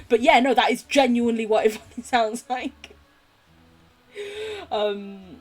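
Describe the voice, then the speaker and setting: A woman's voice: fairly high pitch, slow, long pauses, faint music behind. A woman from England with a posh English accent, chatting casually while playing a game on stream, giggly and sweary. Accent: posh southern English. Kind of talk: casual live-stream chat while gaming.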